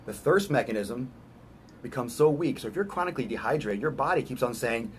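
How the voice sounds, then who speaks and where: A man's voice: medium pitch, expressive, slight background noise. Emphatic man giving fitness advice. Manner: emphatic, repeats phrases, acts out quick voices. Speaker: fitness coach. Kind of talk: casual fitness advice talk.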